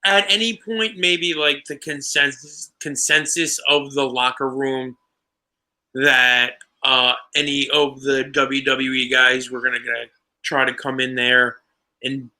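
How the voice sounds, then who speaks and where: Flat-voiced, very bright co-host man. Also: mid-range voice, a little slow. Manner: short reactions, brief questions. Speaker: podcast co-host. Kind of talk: casual chat.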